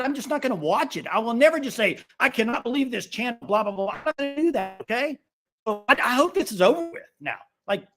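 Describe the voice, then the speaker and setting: A man's voice: very high-pitched, fairly bright tone. A man co-hosting a live sports podcast, talking in a blunt, firm way and cutting in over his partner. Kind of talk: casual live-stream sports talk.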